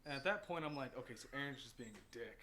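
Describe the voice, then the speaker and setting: A man's voice: mid-range voice, lively intonation, fast talker, bright, forceful tone. A young man hosting a podcast, casually telling stories and swearing freely. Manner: profane storytelling, swears freely. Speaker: podcast host. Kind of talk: casual chat. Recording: faint background noise.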